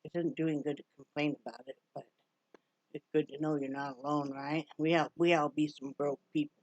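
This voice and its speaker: A woman's voice: deep voice, level tone, brisk, a little mellow, dry recording, lo-fi sound. Chatty woman vlogging in a dry room. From Wyoming. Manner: chatty, baby-talks to her dog. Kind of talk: casual chat to camera.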